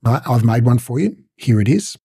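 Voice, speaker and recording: A man's voice: mid-range voice, lively intonation, moderate pace, warm tone, husky, dry recording, clean studio sound. A man teaching a casual recorded lesson, talking conversationally and acting out short coach and client exchanges. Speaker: instructor.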